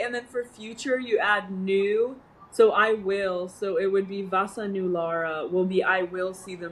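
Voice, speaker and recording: A woman's voice: medium pitch, slight background noise, poor audio. Chatty young woman, playful and giggly. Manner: giggly, animated, trying out made-up words. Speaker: co-host. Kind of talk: casual chat.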